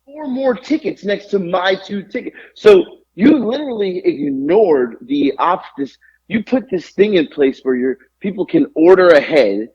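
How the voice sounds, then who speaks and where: A man's voice: high voice, a little slow, creaky, slightly rough, muffled recording. A man co-hosting a podcast, telling a long exasperated story full of swearing. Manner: animated, profane, exasperated ranting. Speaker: podcast co-host. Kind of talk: casual storytelling rant.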